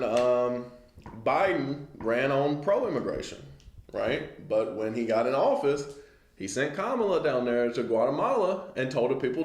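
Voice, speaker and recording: A man's voice: medium pitch, roomy sound. A man giving a casual lesson on the news, talking it through conversationally and often checking in with listeners. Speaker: Bible class teacher.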